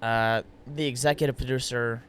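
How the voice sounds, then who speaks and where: Co-host type: man, mid-pitched, playful needler, rambles, faint hiss behind. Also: fairly even intonation, moderate pace, fairly bright tone. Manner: playful, teasing questioner, rambling restarts. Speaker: podcast co-host. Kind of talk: casual chat.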